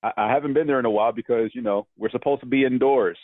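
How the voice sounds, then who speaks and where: A man co-hosting a casual sports podcast, talking slowly and hesitantly. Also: mid-range voice, steady tone, no echo. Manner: slow, hesitant, unhurried. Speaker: co-host. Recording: tinny phone-like line.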